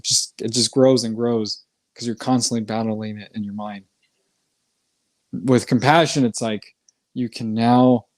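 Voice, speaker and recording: A man's voice: mid-range voice, darkish tone, no room sound. A man co-hosting a casual talk about meditation practice, earnest and rambling, often restarting his sentences. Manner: earnest, rambling with restarts and acted inner voices. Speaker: podcast co-host. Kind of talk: casual spiritual discussion.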